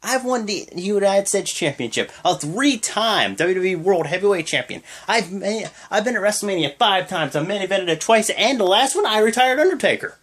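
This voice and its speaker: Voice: mid-range voice, animated, normal speed, few pauses, fairly bright tone, voice pushed up. A young fan imitating a boastful male pro wrestler, listing his titles in a raised, bragging voice.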